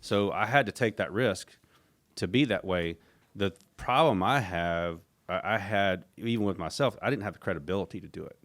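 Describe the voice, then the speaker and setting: Casual guy telling a story in an interview, lowish voice, acts out quotes. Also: moderate pace. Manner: animated retelling, acts out quoted voices, frequent restarts. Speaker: interview guest, former team executive.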